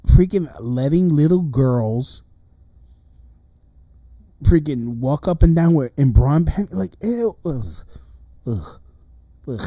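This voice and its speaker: Thirties male streamer, dark, unhurried voice, cursing and agitated in a solo rant. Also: a little high, dry recording. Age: 30s. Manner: profane, agitated ranting with many restarts. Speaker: livestream host. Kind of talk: ranting livestream monologue.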